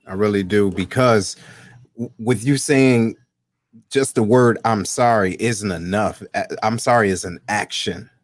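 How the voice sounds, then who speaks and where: Man, podcast host, lowish voice, encouraging, repeats himself for emphasis, dry close sound. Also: a little slow, no echo. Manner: affirming, repeats phrases for emphasis. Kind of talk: conversational interview.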